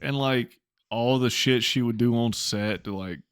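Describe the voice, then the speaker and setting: A man's voice: medium pitch, a little slow, clear, resonant tone, no echo, studio quality. A man co-hosting a podcast in casual chat, blunt and exasperated as he rants. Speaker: podcast co-host.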